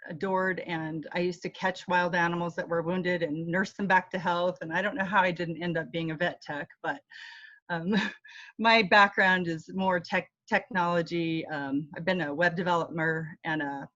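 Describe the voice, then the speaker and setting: A woman's voice: lowish voice, fairly even intonation, moderate pace, dry recording. Hesitant middle-aged woman, dull call audio. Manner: hesitant, many ums, warm and earnest. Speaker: panel guest. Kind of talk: casual self-introduction on a video call. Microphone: video call.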